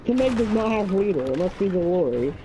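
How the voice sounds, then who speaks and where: A man joking with a friend while they play a game, pleading in a slow, goofy way. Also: high-pitched, lively intonation, mellow, poor audio. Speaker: gamer playing with a friend. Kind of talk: joking gaming banter.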